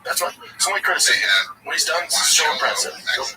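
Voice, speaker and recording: A man's voice: a little high, fast talker. A man hosting a casual sports talk show, blunt and profane, often acting out what others said. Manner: blunt and profane, acts out quotes. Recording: distant mic with background noise.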